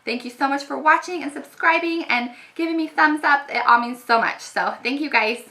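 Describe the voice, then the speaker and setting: A woman's voice: high-pitched, moderate pace, bright, forceful tone. A woman beauty vlogger giving a casual, upbeat makeup tutorial, chatty and full of fillers.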